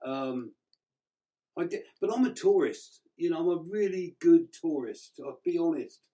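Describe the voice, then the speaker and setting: A man's voice: fairly high pitch, expressive, moderate pace, mellow, poor audio. A man with an English accent, co-hosting a radio show in casual chat, talking freely and laughing often. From England.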